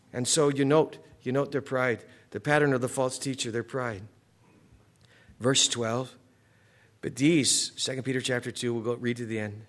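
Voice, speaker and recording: Male preacher, mid-pitched, talky expository style, scripture read with building emphasis. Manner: conversational, many restarts and "you know" asides; reads scripture aloud with rising emphasis. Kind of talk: expository sermon.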